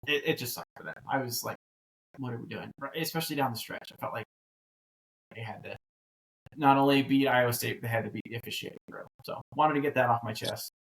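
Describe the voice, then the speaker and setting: A man in his thirties talks college football in a loose, rambling way. His pitch sits in the middle of a man's range. He restarts his sentences often and picks up energy as he goes. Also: fast, low-quality recording. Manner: rambling, animated, frequent restarts. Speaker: co-host. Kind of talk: casual sports chat.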